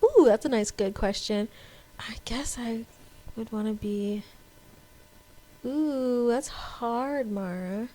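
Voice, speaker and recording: A young woman co-hosting a casual podcast, her voice pitched a little high. She rambles, restarts her sentences and piles on fillers as she chats. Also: slow pace, long pauses, warm tone, slight background noise. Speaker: podcast co-host. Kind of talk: casual chat.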